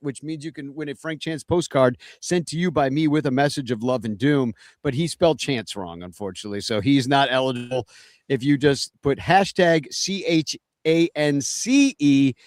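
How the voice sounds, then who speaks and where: A man's voice: medium pitch, dry recording, clean studio sound. A man hosting a casual chat show, joking with wry asides. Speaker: host.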